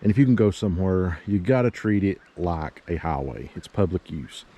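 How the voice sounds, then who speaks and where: Strolling the property near a river and hillside, this realtor speaks in a low, mellow voice at an ordinary speed. His casual tour is breathless and meandering, packed with filler words.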